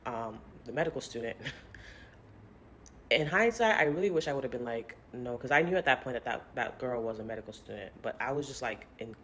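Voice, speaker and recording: A young woman vlogger telling a personal story in a casual, chatty way, often quoting others in lively put-on voices. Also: a bass voice, moderate pace, a little hiss or hum.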